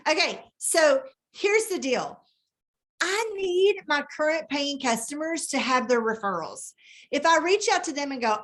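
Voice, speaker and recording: Casting: woman, fairly high voice, chatty team-leader type, talking into a phone mic. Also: measured pace. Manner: chatty, animated, thinks aloud while typing. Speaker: direct sales team leader. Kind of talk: casual live training talk.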